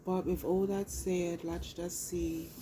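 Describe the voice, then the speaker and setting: A woman's voice: fairly low pitch, little pitch movement, takes it slowly, background noise. A woman giving a casual tarot reading into her phone, blunt and profane, hammering points home with repetition. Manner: blunt and profane, emphatic repeats. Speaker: tarot reader.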